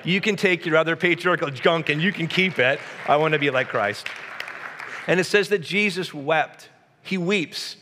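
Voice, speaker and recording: Male pastor mid-sermon, high voice, echoing hall, punchy repeated lines with asides to the room. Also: moderate pace, sharp tone, a faint crowd. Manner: preaching with emphatic repetition and audience asides.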